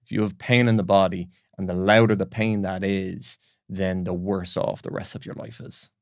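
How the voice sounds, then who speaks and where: Gravelly-voiced man coaching. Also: low-pitched, moderate pace, dry recording, clean studio sound. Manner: animated, uses fillers and restarts. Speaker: breathing coach and guest. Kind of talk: casual interview storytelling.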